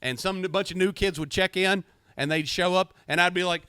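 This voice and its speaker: A middle-aged man, a retired Marine, co-hosting a casual podcast chat with profane, animated storytelling. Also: high-pitched, brisk, smooth, no echo. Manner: profane, animated, acts out shouting.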